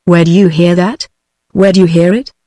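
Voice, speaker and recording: A woman's voice: lowish voice, normal speed, no echo, lightly acted. Feverish, short-tempered man in a storybook, read by a British female synthetic voice, level and dry. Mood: angry. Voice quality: synthetic text-to-speech voice. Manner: flat, even reading with no character voice.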